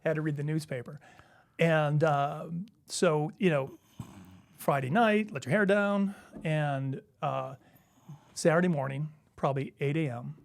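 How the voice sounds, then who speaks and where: A man's voice: on the high side, unhurried, gravelly, dry recording. A middle-aged man, a former basketball player, telling stories casually as an interview guest and acting out the voices of people he quotes. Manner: animated storyteller, acts out quoted voices. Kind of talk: casual storytelling.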